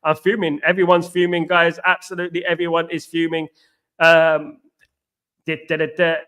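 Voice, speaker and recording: A man hosting a live football watchalong, chatting fast and repeating himself while greeting viewers by name. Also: fairly high pitch, flat delivery, fairly bright tone, clear, resonant tone. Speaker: watchalong host. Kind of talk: live stream chat.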